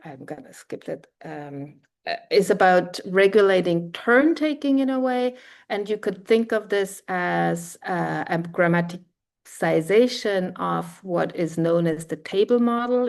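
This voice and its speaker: A woman lecturing on linguistics in a fairly low voice, working through her ideas aloud. She pauses on "um" and "uh", restarts her sentences, and voices brief quoted dialogues to illustrate her points. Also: gravelly. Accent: German-speaking European. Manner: explanatory, many fillers and self-corrections; acts out short quoted exchanges. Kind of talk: academic lecture.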